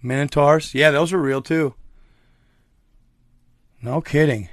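A man's voice: on the high side, fairly even intonation, takes it slowly, no room sound, clean studio sound. A man talking casually with his viewers, telling a rambling story full of slang. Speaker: streamer chatting with viewers. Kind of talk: casual chat.

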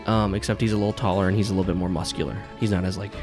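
A man narrating as game master in a rather low voice, describing scenes in a loose, rambling way full of "like" and restarts. Music plays clearly in the background. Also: fairly even intonation, racing.

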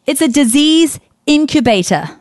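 Animated woman co-host, emphatic and bright. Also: high-pitched, moderate pace. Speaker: podcast co-host. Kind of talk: casual faith talk.

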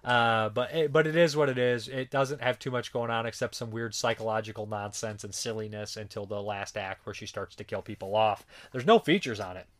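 A man's voice: fairly low pitch, fairly even intonation, fairly quick, hardly any pauses, a bit bright. A man giving a casual, rambling spoken movie review, swearing freely and often correcting himself mid-sentence. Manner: rambling, profane, filler-heavy; frequent self-corrections and restarts.

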